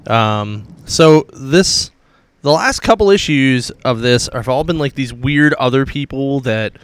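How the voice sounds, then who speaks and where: A man chatting as a co-host in a loose, joking way. He hedges and trails off now and then. His voice is smooth and clear, and it sounds close and dry. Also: mid-range voice, lively intonation, measured pace, no room sound. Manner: loose, hedging, jokey, trails off mid-sentence. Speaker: podcast co-host reviewing comics. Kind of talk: casual chat.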